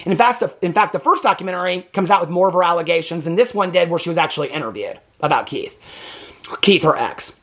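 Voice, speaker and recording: A man delivers heated commentary on a documentary, his pitch swinging widely as he pushes each point. He talks in an indignant, emphatic way and keeps stressing his lines with a pointed "okay?". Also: animated, fast, a bit bright. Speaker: TV reaction host. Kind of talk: opinionated commentary.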